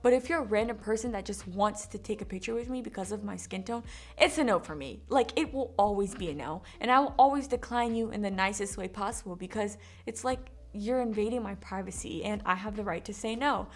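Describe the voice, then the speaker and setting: A woman telling a casual story-time vlog, speaking in an animated, candid way. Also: mid-range voice, brisk. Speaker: vlogger.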